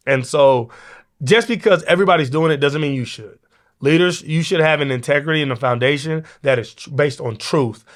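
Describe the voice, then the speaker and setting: A male podcast host giving a motivational leadership talk drawn from Bible stories, in an informal, preacher-like way, often checking in with "okay?". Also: medium pitch. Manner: conversational, informal preaching with repeated restarts and "okay?" check-ins.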